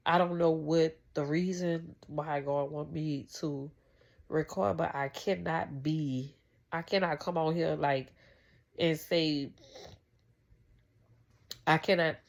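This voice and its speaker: Deep and darkish in tone, this woman's voice carries a casual faith talk to camera. As a vlogger she rambles heartfelt about faith and family, often restarting.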